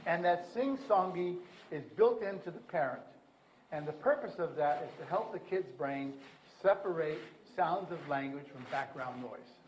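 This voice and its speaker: A man giving a conference lecture, rambling with animated asides. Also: fairly high pitch, normal speed, roomy sound, slight background noise, poor audio. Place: conference hall.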